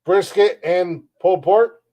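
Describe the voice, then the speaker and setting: A man's voice: high voice, measured pace, dark tone. A man from the United States hosting a comedy podcast, chatting casually and playfully, teasing and mocking himself. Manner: playful, joking, self-mocking. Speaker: podcast host.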